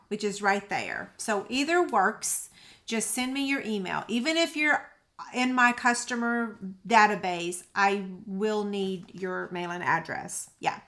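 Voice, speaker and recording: A woman's voice: mid-range voice, a bit bright. A middle-aged woman, hosting a crafting livestream and chatting casually with viewers by name.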